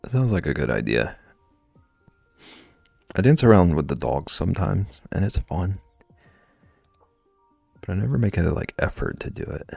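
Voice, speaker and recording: A man's voice: low-pitched, very animated, moderate pace, creaky, pauses often, a little mellow, breathy edge, no room sound, soft background music. A man chatting casually on a livestream, rambling and answering chat, with lots of filler "like".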